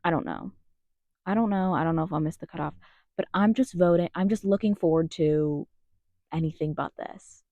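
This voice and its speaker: A young American woman from the United States records an angry vlog rant in her closet, swearing and rambling as she keeps restarting sentences. Her lowish voice moves at a moderate pace, and the audio is narrow and tinny with no room sound.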